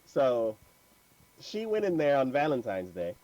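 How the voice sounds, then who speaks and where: A man's voice: mid-range voice, measured pace, muffled recording. A man hosting an anime podcast, retelling an episode in casual chat with lots of fillers and laughter. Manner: animated storytelling with many fillers and laughs.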